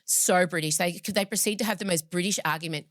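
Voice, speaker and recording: A middle-aged woman co-hosting a podcast, telling a story in lively casual chat, swearing and acting out other people's lines. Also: fairly low pitch, fast, no echo, studio quality. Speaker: podcast co-host.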